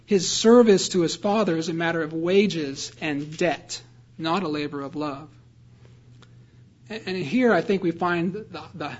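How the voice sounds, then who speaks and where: A man's voice: fairly high pitch, highs cut off. A man preaching a sermon, explaining a scripture passage earnestly and reading verses aloud. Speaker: pastor.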